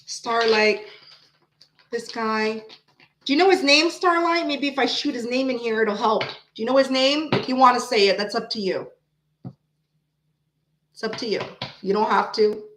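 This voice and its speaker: A woman's voice: on the high side, moderate pace, pauses often, fairly bright tone, reverberant, slight background noise. A woman reading tarot on a live stream and chatting with viewers in a brash, chatty, often profane way. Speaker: tarot reader.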